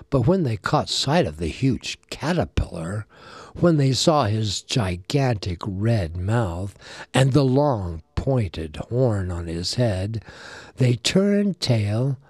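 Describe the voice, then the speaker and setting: Man reading a folk tale aloud, slow and very lively, dry close sound. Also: mid-range voice, no echo. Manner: animated, voices the characters, asides to a listener. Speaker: storyteller. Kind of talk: storybook narration.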